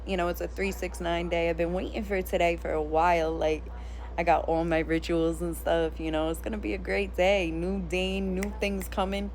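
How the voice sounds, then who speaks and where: A woman vlogger telling a long story in a casual, animated rant. She is blunt and sometimes profane, with a slightly low voice. A faint hiss runs under the recording. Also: normal speed.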